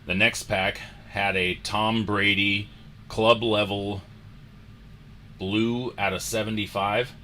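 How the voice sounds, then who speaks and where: Unhurried bright-voiced male show host. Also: lowish voice, slight background noise. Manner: animated storyteller, re-enacts moments. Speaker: host of a sports card show. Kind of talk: casual storytelling on a livestream.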